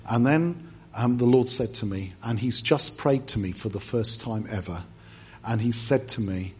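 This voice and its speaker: English male preacher, lively storyteller who acts out quotes, church setting. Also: mid-range voice, normal speed, breathy edge. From England. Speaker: guest preacher. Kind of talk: sermon storytelling.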